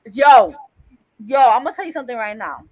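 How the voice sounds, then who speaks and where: A woman with a Puerto Rican accent, co-hosting a casual chat, loud and laughing, switching between Spanish and English. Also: on the high side, sing-song, racing, no echo, highs cut off. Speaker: podcast co-host.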